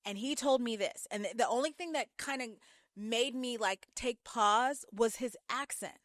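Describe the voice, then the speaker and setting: Animated, higher-pitched young woman vlogger. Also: moderate pace, no echo, clean studio sound. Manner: animated storytelling with sudden pitch jumps. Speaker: YouTube commentator. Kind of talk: casual commentary vlog.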